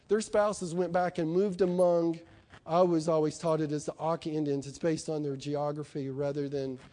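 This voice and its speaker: Higher-voiced man preaching a sermon. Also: warm tone. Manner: emphatic, conversational preaching with rhetorical questions.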